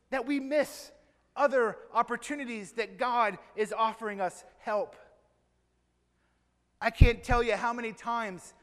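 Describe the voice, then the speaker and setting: A man preaching a sermon to a church congregation, telling a story with slow, emphatic phrases. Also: sits high, fairly bright tone, in a large hall.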